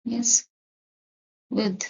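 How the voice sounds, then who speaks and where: A woman teaching a lesson step by step, deliberately repeating her key points. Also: a little mellow, highs cut off. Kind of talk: step-by-step lecture.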